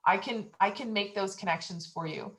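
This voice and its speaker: A woman's voice: mid-range voice, normal speed, rough recording. Encouraging woman leading a training call. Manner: encouraging, conversational advice with fillers. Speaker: real estate coach, session leader. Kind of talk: training session.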